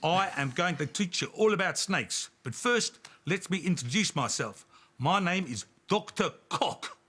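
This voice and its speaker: A man's voice: high voice, expressive, unhurried, noisy background, voice pushed up. A man voicing a tall, old, bearded snake doctor with a South African accent who lectures in a formal way. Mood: formal lecturing.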